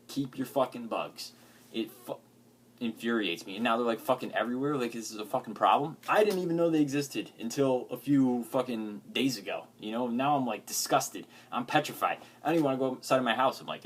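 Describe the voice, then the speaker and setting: A man's voice: mid-range voice, fairly quick. A man vlogging, ranting agitatedly with heavy swearing and lots of filler words. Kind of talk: profane ranting vlog.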